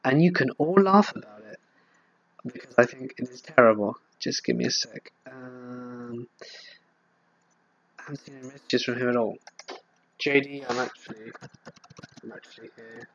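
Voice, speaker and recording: A man's voice: medium pitch, normal speed, pauses often, dull audio. Chatty man hosting a live stream. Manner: chatty, hesitant, with frequent fillers and restarts. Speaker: horror story narrator and channel host. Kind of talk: casual live stream chat.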